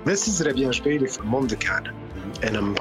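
A man's voice: mid-range voice, sing-song, moderate pace, music in the background, poor audio. A man from Lebanon with a Lebanese accent, a guest chatting casually on a walk outdoors, rambling, laughing and fumbling over his words. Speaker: guest musician. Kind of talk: casual conversation. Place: outdoors, walking in the countryside.

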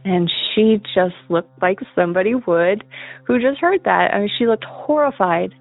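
A woman's voice: medium pitch, moderate pace, gravelly, dry recording, faint music behind. A woman earnestly telling a personal story as a caller, often laughing as she goes. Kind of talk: casual spoken storytelling. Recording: tinny dry phone line.

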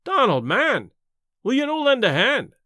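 A man's voice: high voice, huge pitch swings, measured pace, fairly bright tone, dry recording, studio quality, full character voice. A man reading a story voices a distraught man, wailing and pleading. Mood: sobbing.

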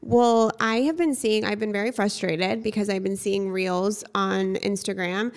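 A young woman co-hosting a podcast, talking in a chatty, upbeat, playful way at a middle pitch for a woman. She speaks into a studio microphone in easy casual chat. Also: steady tone, measured pace, clean tone. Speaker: podcast co-host.

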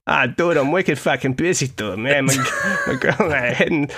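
A man's voice: mid-range voice, moderate pace, bright, forceful tone, voice pushed up. A man putting on a crude, brash young man with a Boston accent. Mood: boisterous.

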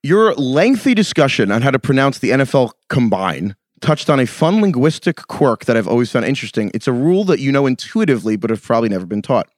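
A man's voice: medium pitch, sing-song, fast, few pauses, dry recording, clean studio sound. A man hosting a podcast, joking around and reading listener emails aloud in casual chat. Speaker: podcast host.

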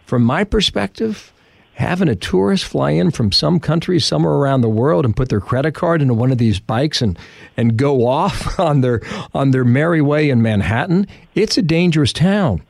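Podcast host guy, bouncy pitch, bit of gravel, dry close sound. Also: moderate pace, no echo. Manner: lively, chatty, offers his own opinions. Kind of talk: conversational podcast hosting.

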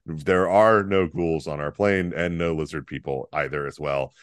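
Male podcast co-host, low voice, rambling and chuckling delivery, dry close sound. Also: moderate pace, clear, resonant tone, no echo. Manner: rambling, many fillers and restarts, chuckling. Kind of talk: casual political comedy chat.

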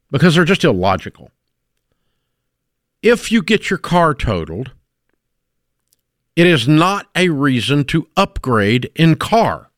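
A man's voice: mid-range voice, no room sound, studio quality. A middle-aged man hosting a call-in radio show, blunt and emphatic as he lectures listeners about money mistakes. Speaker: radio talk show host.

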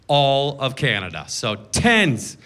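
On a theater stage before a laughing audience, a stand-up comedian delivers a sarcastic set and slips into mocking voices for his bits. His mid-range voice is slow and a bit bright, with huge swings in pitch.

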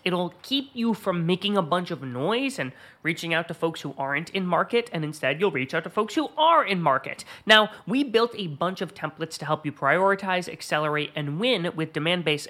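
Podcast host, brisk and upbeat, sponsor reads and prompts. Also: mid-range voice, pushed and bright. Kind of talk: host intro and sponsor read.

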